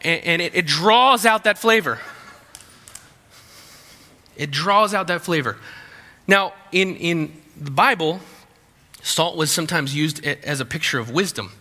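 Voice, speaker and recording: A man preaching a sermon with a sharp, very bright tone and a slightly high voice. He talks in a conversational way, restarting phrases and slipping in humorous asides. His voice carries a long reverb from a large hall. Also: normal speed. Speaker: pastor.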